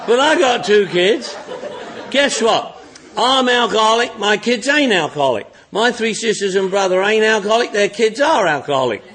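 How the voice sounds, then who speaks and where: A man's voice: sits high, lively intonation, normal speed, fairly bright tone. An older man giving a humorous recovery talk to an audience, telling stories bluntly and repeating refrains. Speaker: recovery meeting speaker.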